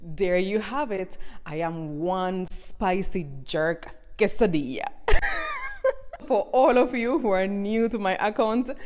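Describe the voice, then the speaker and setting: Cuban lady in her 40s talking patois straight to camera, rolls her r's, gets loud then drops quiet. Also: mid-range voice, a little slow, few pauses. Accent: Cuban Spanish mixed with Jamaican patois. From Cuba. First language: Spanish. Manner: expressive, swings between loud and quiet. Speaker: TikTok creator. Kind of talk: animated direct-to-camera rant.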